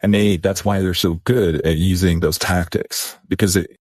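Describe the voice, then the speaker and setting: A man's voice: low-pitched, fairly even intonation, moderate pace, darkish tone, breathy edge, no room sound, studio quality. A man co-hosting a podcast in casual chat, rambling and restarting his sentences. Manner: rambling, repeats words, restarts. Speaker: podcast co-host.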